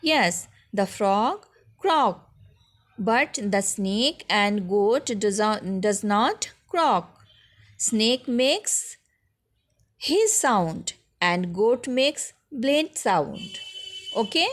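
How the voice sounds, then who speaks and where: A woman's voice: medium pitch, expressive, very slow. A woman school teacher with an Indian English accent, going through a lesson for young children patiently and step by step, often checking with "okay?".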